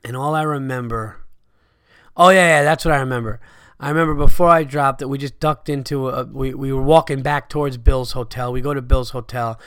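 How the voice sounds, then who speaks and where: A man hosting a podcast, telling a story casually, animated and swearing freely, loudly acting out his friends' lines. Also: medium pitch, a little fast, smooth, dry recording, clean studio sound. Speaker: podcast host.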